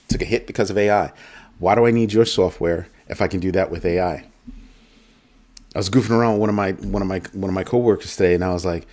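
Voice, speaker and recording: A man's voice: low-pitched, a little mellow. A man hosting a casual talk show, telling a story and mimicking a coworker with emphatic asides. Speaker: host. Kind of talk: casual chat.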